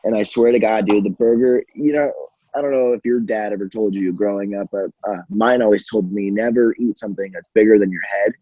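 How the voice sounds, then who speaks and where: A man's voice: fairly low pitch, fairly even intonation, a little fast, warm tone, dry recording, muffled recording. A young man telling stories in a casual podcast chat, rambling and profane with many fillers. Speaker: podcast guest.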